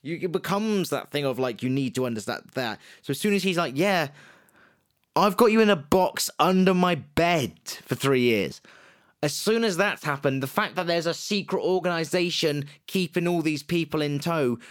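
Animated man telling a story. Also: fairly high pitch, moderate pace. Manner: animated storytelling with comic put-on voices. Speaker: podcast co-host. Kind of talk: casual true-crime chat.

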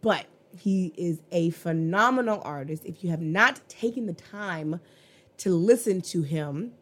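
Excitable woman podcast host reviewing music. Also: lowish voice, measured pace. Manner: excitable, emphatic, slangy and profane. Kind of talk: casual music review chat.

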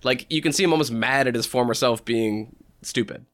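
A man chatting casually on a podcast, animated, filling his speech with "like" and casual swearing. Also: mid-range voice, a little fast. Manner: animated, heavy use of 'like', swears casually. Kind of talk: casual chat.

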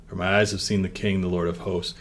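A man with a very low voice leads a church devotion. He reads the passage with lifting emphasis, then talks it through in a loose, conversational way with small fillers. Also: little pitch movement, fast talker. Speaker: vicar leading a devotion. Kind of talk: Bible reading and devotional discussion.

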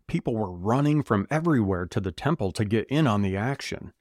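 A man with a low voice that swings widely in pitch, reading scripture with animated, joking energy. His voice sounds close and dry, with no room around it. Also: a little fast, no echo. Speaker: podcast co-host and scripture reader. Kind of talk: casual chat and Bible reading aloud.

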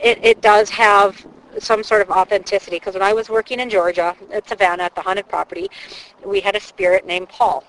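A woman explaining paranormal investigation in a chatty, animated way, talking outdoors by a channel. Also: lowish voice, poor audio. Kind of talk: casual explanatory chat.

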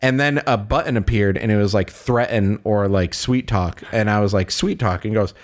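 A man's voice: fairly low pitch, moderate pace. A young man co-hosting a casual podcast chat, telling game stories with lots of laughter and acted-out voices. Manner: animated storyteller, laughs often, acts out game characters. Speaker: podcast co-host.

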